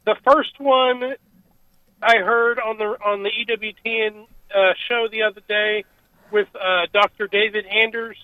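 A high-voiced man from Oklahoma calls in to a radio show and tells a joke in a brisk, eager way. His voice comes over a tinny, phone-like line. The sound is dry. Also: fairly even intonation, smooth, dry recording. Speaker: caller.

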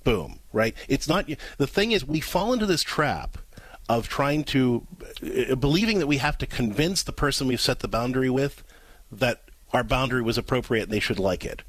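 A man's voice: medium pitch, normal speed, dry recording. A man co-hosting an advice talk show, speaking emphatically and acting out examples. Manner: emphatic, animated, acts out examples. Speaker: radio co-host, counselor.

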